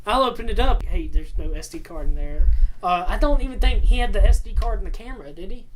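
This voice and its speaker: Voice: medium pitch, fast talker. Sarcastic speaker with mimicked voices. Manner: sarcastic, animated mimicking of others. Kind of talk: casual storytelling chat.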